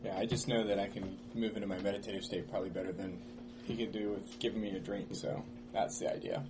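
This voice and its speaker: A man's voice: fairly low pitch, fairly even intonation, fast. A man playing a tabletop game, playful and laughing often. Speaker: player. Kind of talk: casual tabletop play. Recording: noisy recording.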